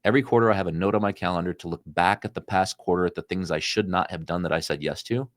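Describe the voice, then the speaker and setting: Fast-talking deep-voiced male guest. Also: no echo, studio quality. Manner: fast, animated storyteller acting out quoted dialogue. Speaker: podcast guest, financial advisor. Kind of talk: casual interview storytelling.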